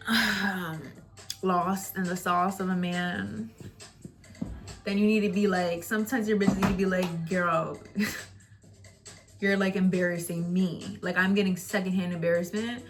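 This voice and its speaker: A young woman casually chatting to camera in a vlog, candid and rambling, swearing freely and often laughing. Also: medium pitch. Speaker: vlogger. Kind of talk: casual storytime chat.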